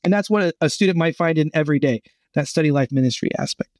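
Guest voice: a fairly high-pitched man, animated storyteller, dry close recording. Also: fast talker, no echo. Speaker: gap year program guest. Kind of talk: podcast interview, storytelling.

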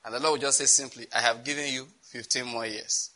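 A man's voice: medium pitch, fairly even intonation, a little fast, bright, forceful tone, low-quality recording. A man preaching a sermon on prayer, chatty and often breaking into laughter. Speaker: pastor.

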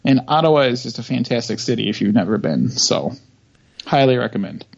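A man co-hosting a podcast, talking casually and modestly with lots of ums and pauses. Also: medium pitch, expressive, creaky, husky, dull audio. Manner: hesitant, filler-heavy, modest. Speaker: podcast co-host. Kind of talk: casual chat.

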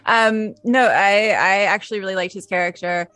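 A woman's voice: mid-range voice, normal speed, a bit bright, no room sound, soft background music. A woman co-hosting a casual movie-review podcast, chatty and full of "like" fillers, laughing easily. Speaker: podcast co-host.

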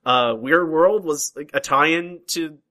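A man with a fairly high, very bright voice hosts a podcast, chatty and easygoing. He often trips over his words and restarts his sentences mid-thought. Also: slow pace, rough recording. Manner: chatty, hesitant restarts, laughs easily. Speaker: podcast host. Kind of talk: casual chat.

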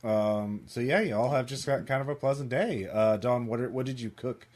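A man narrating as game master, rambling with many fillers and pauses. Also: mid-range voice, a little mellow.

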